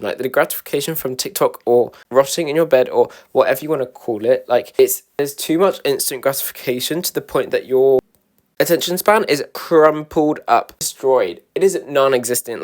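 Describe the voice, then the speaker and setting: A young man, a student, rambling casually to camera as a vlogger in a self-deprecating way, often restarting his sentences. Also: medium pitch. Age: young adult, a student.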